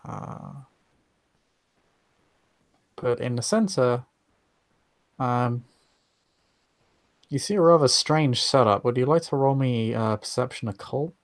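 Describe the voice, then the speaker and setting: A man narrating as game master of a tabletop game, halting and full of filler sounds. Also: medium pitch, dry recording.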